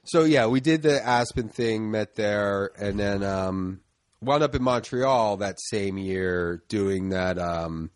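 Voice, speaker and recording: A man's voice: on the low side, slow, smooth, dry recording. A middle-aged man, a comedian guest, talking in casual chat, laid-back and trailing off into fillers, with some swearing. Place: indoor studio room.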